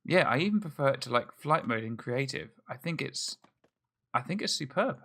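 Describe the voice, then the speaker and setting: A man's voice: mid-range voice, animated, normal speed, creaky, a bit bright. A man hosting a let's play, thinking aloud in chatty, self-mocking commentary as he plays. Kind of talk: casual gameplay commentary.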